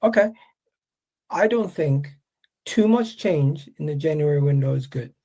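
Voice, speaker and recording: A man as guest on a live chat, arguing his point at length in a measured way and pushing back. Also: on the high side, expressive, warm tone.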